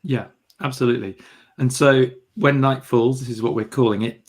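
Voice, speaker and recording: A man's voice: mid-range voice, fairly even intonation, moderate pace. A British man hosting a photography livestream, chatting casually and greeting viewers with light humour. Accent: British English. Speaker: livestream host.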